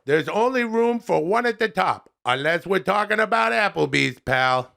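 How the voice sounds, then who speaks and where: A man doing a comedic impression of a goofy middle-aged comedian reviewing restaurants, drawn-out and sing-song, calling everyone pal and buddy. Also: high-pitched, lively intonation, gravelly, sharp tone, voice pushed up, heavily acted. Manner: ends lines with "pal" and "buddy".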